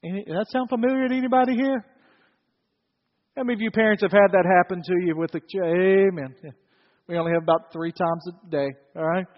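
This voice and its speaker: A man's voice: sits high, brisk. Guy preaching a sermon, acts out the story, kinda muffled sound in a big echoey church. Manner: animated storytelling, acts out characters. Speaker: pastor.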